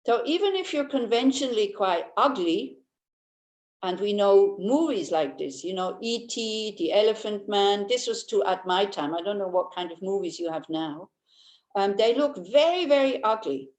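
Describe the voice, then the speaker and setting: A woman's voice: mid-range voice, animated, normal speed. Older woman teaching in a roomy space. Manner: chatty and anecdotal, with frequent restarts; warmly humorous, laughs easily. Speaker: Buddhist teacher. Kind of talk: informal Dharma teaching. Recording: roomy echo.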